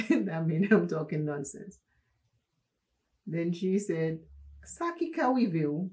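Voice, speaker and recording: Slow-talking woman vlogger. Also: fairly low pitch, mellow. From Dominica. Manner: unhurried, chatty, laughs while telling stories. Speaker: makeup channel host. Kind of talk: makeup tutorial with personal storytelling.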